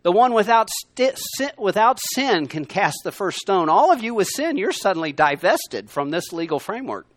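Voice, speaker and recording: A man teaching a Bible lesson to a room of listeners, conversational and emphatic, swinging between loud and quiet. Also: high voice, sing-song, normal speed, few pauses, no echo. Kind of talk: sermon. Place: room with a gathered class.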